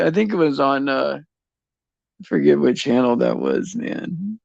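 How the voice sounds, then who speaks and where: A man hosting a casual faith chat on a livestream, rambling and halting with many fillers, restarts and frequent chuckles. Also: fairly high pitch, gravelly, darkish tone, dry recording, highs cut off.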